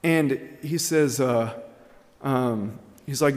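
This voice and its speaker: A slightly high-voiced man preaches slowly, earnestly telling a story packed with ums and uhs. His words trail off into a long reverb tail.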